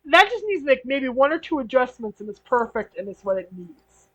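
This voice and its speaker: A woman's voice: high voice, big pitch swings, moderate pace, fairly bright tone, highs cut off. A woman co-hosting a podcast, animatedly recapping a sitcom episode in casual chat and laughing between lines. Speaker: podcast co-host.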